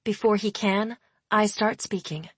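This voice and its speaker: A woman narrating a first-person dark fantasy audiobook in a measured, deliberate way. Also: medium pitch, fairly even intonation, breathy edge, no echo.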